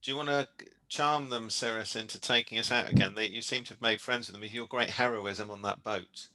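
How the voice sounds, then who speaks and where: A man's voice: lowish voice, fairly quick, pushed and bright, rough recording. A man playing a tabletop game, speaking hesitantly with mock solemnity. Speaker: player. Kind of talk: in-character tabletop role-play.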